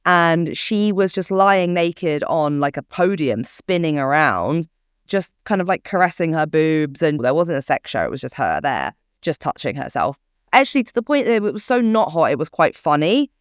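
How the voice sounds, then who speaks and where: A young woman co-hosting a podcast, telling a story in casual chat with a British English accent, animated and swearing freely. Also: sits low, moderate pace, clean tone, dry recording, studio quality. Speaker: podcast co-host.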